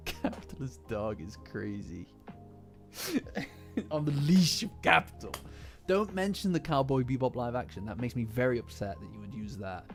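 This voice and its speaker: A low-pitched man talks loosely to his stream chat, looping back on himself, swearing and chuckling as he answers comments. Soft lofi music plays faintly under his voice. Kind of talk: casual live-stream chat.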